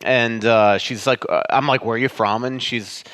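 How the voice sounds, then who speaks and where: A man from Florida, a sports writer and co-host, telling a meandering, animated story in casual podcast chat. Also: medium pitch, moderate pace. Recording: long hall reverb.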